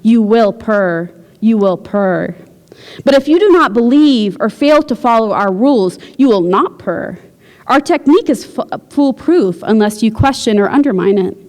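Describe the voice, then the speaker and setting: A woman voicing a preachy female retreat leader who speaks in a calm, hypnotic murmur. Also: on the high side, normal speed, lightly acted. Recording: long hall reverb.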